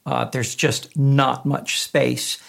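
A man co-hosting a podcast, telling an anecdote in an unhurried way with fillers. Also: medium pitch, level tone, vocal fry, a bit bright. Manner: unhurried storytelling with laughs and fillers. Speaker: podcast co-host. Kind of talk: casual anecdotal chat.

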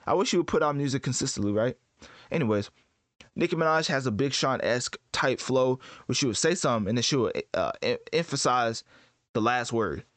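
A man giving casual commentary as host, rambling and correcting himself in relaxed slang. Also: mid-range voice, a little fast, no room sound. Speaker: host ranking rappers.

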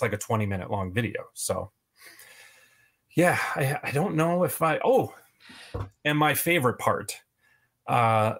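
Male guest, mid pitch, talks at length, loose and filler-heavy. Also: fairly bright tone. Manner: long rambling answers with many fillers. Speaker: podcast guest, toy video creator. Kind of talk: casual interview chat.

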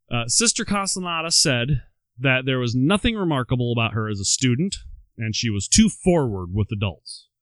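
A man's voice: mid-range voice, sing-song, fairly quick, fairly bright tone, dry recording. A man co-hosting a podcast, telling a life story and reading quotes aloud, with wry asides between them. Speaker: podcast co-host. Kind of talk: storytelling chat.

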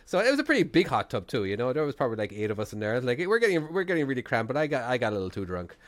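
An Irish man co-hosting a podcast, talking in a loose, rambling way and breaking into laughter often. His voice sits in an ordinary middle pitch, and the talk is relaxed and conversational. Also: racing. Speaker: podcast co-host. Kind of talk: casual chat.

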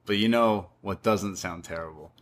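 A man's voice: sits low, moderate pace. Rambling man recapping a wrestling show. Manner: rambling, quotes people in their own voice. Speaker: podcast co-host.

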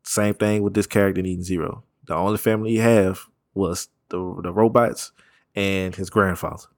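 A man with a very low voice chats casually at a normal speed with fairly even intonation, rambling through his points with slang and curses. He laughs easily, and the sound is close and dry with no room echo.

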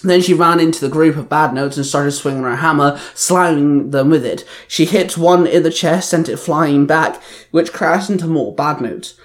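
A man's voice: a little high, normal speed. A man reading an action story aloud, plainly, with small slips and restarts. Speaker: reader. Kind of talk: reading fan fiction aloud.

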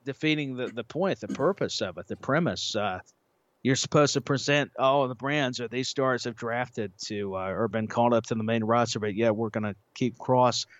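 A man's voice: medium pitch, moderate pace. A man co-hosting a wrestling podcast in casual chat, often restarting and repeating his words. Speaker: podcast co-host. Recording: dull lo-fi audio.

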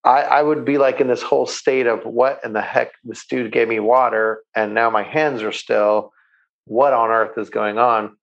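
A man's voice: mid-range voice, fairly even intonation, normal speed, vocal fry, muffled recording. A man being interviewed, talking with enthusiasm and often repeating words as he starts a sentence. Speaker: guest. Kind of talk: interview answers, storytelling.

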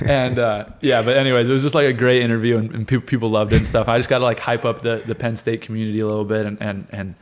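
Man, 20s, interview guest; lively storyteller who voices everyone in his tale. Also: mid-range voice, fast talker, hardly any pauses. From United States. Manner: animated storyteller, acts out quotes, laughs often. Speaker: guest, wrestler and fighter.

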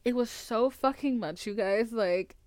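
Young woman host, somewhat high voice, profane and rambling, dry close sound. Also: darkish tone, no room sound. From United States. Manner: profane, rambling, fast-talking, laughs to cope. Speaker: podcast host. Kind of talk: casual confessional monologue.

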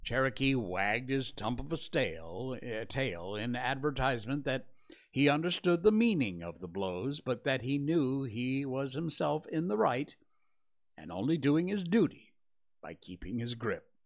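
Slow, measured male storyteller. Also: mid-range voice, very animated. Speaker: host reading a novel aloud. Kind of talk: storybook reading aloud.

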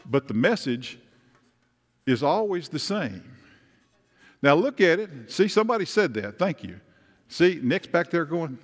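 Male pastor, fairly high voice, chatty sermon, church hall reverb. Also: big pitch swings, normal speed, fairly bright tone. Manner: conversational, asks the congregation questions. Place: church sanctuary.

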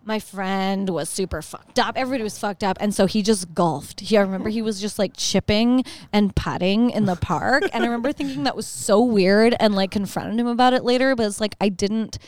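Woman, podcast guest, comedian, rambling chatty storytelling, mid pitch, dry close mic. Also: fairly quick, few pauses, darkish tone, dry recording. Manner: rambling storyteller, heavy use of "like". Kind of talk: casual podcast chat.

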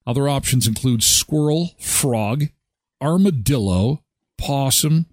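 Male daily-show host, animated, amused, dry close mic. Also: medium pitch, takes it slowly, dry recording. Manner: animated, amused, thinking aloud. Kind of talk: casual commentary on videos.

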